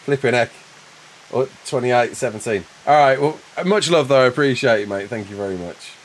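A man's voice: mid-range voice, normal speed, slight background noise. A man with a Black Country accent in his thirties, chatting casually on a game livestream, reading out chat and thanking donors with a self-mocking humour. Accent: Black Country English. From Black Country, England.

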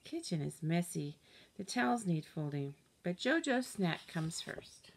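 A woman reading a children's picture book aloud in an expressive, animated storytelling voice. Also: lowish voice, measured pace, gravelly. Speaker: storybook reader.

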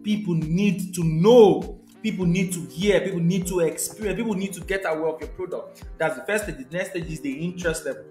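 Teaching a live sales session, a young man with a higher-pitched voice keeps things conversational, going over his key points again and checking in with viewers. He works as a sales trainer, and the room sounds echoey.

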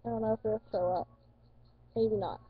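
A woman's voice: mid-range voice, steady tone, normal speed, husky. A teenage woman vlogging in casual chat, rambling, correcting herself and swearing casually. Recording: dull lo-fi dry recording.

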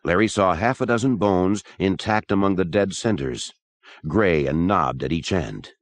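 A man narrating a horror audiobook in a steady, measured reading. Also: low voice, no echo.

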